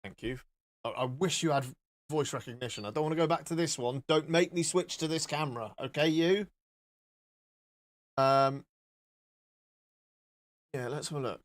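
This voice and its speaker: A man's voice: on the high side, moderate pace, long pauses. A man chatting casually and joking as he shows off filters on his live stream, with some swearing.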